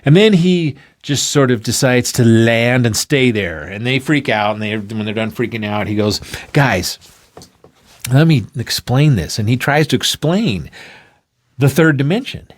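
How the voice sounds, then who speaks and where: A man hosting a talk, explaining an idea through an animated story and acting out the characters in quick bursts. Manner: excitable, acts out characters with sudden pitch jumps. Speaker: podcast host.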